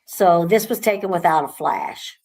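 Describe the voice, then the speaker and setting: A woman with a lowish voice talking casually about the house she owns. Her delivery is relaxed and rambling, full of restarts and self-corrections. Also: moderate pace, vocal fry. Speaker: haunted house owner. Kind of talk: casual conversation.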